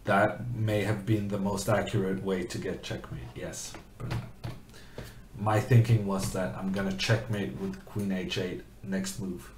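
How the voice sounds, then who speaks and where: A man talks slowly and casually while he plays chess, drifting between moves and chat questions. His voice sits a little low. The room around him is echoey, with a faint hiss. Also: little pitch movement, darkish tone. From Norway. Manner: rambling, chatty, reads chat questions aloud. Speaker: chess streamer.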